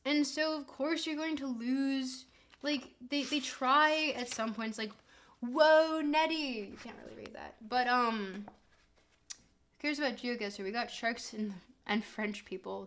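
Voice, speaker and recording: Streamer type: Canadian woman with a slightly high voice, chatty, digressive and profane, talking casually to her chat. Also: fairly bright tone. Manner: rambling, profane, quick tangents while answering chat.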